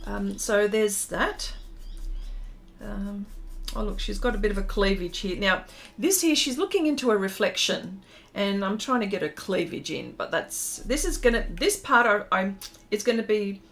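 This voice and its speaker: A woman talks casually to her livestream viewers as she works on a pastel drawing. Her voice sits at an ordinary middle pitch, and her speech is loose and full of ums. She sounds sincere and openly emotional as she chats. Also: animated, moderate pace, a bit bright. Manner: chatty and heartfelt, many ums, reads out chat comments. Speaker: art livestream host.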